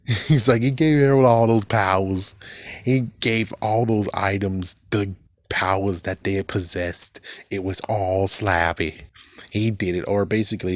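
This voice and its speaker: A young man with a lowish voice gives a loose, rambling review of a show episode. He is excitable, swears freely and keeps cracking himself up. The sound is dry and close. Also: dry recording.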